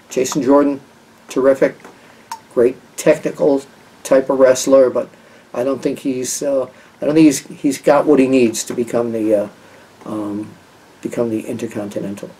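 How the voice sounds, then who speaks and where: A man's voice: mid-range voice, warm tone, husky, recorded from a distance, low-quality recording. An older man giving his picks as a wrestling journalist in casual talk, rambling with many fillers and restarts.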